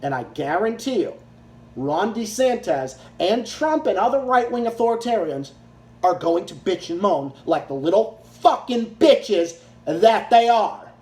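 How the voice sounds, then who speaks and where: A man's voice: sits high, animated, measured pace, a little mellow. A man ranting angrily in a profane, repetitive way, giving political commentary. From Massachusetts, US. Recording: echoey room.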